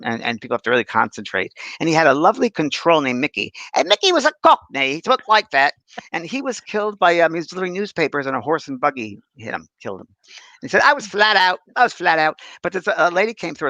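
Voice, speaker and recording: A man's voice: medium pitch, sharp tone, no room sound, low-quality recording. A man in his sixties, a spiritual medium co-hosting a podcast, telling stories animatedly with frequent restarts and acted-out voices. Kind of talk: casual podcast storytelling.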